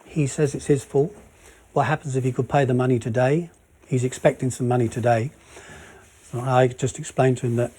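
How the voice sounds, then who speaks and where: A man's voice: medium pitch, warm tone, breathy edge. A middle-aged man working as an enforcement officer, explaining an eviction politely but firmly and apologizing often. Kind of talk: on-the-job talk, explaining to tenants.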